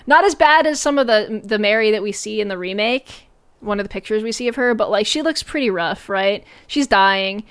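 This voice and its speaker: A woman's voice: mid-range voice, normal speed, clear, resonant tone. Chatty sarcastic woman streamer. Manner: chatty and sarcastic, many fillers and "like"s. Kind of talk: casual stream commentary.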